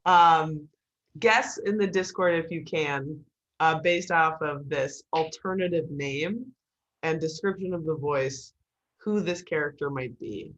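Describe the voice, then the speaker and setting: A woman's voice: low-pitched, unhurried. Woman teacher cracking jokes in an online class, muffled lo-fi call audio. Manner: joking, lively teacher. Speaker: writing class instructor.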